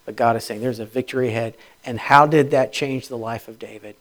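A man preaching a sermon, moving from quiet, intimate lines to loud, emphatic peaks, laughing between phrases. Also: mid-range voice, fast talker, few pauses. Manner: swings from hushed to loud, rising emphatic preaching; laughs between phrases, speaks in quoted inner voices. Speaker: pastor.

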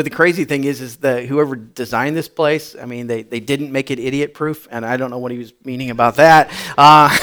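A male pastor telling a story in a sermon, chatty and repetitive, building to loud emphatic bursts. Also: a little high.

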